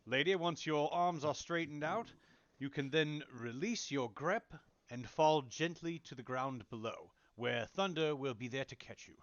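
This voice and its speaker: A man's voice: fairly high pitch, measured pace, fairly bright tone, no room sound. A man voicing a courtly knight who speaks formally and politely. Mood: courteous. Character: courtly male knight addressing a lady. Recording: dull dry recording.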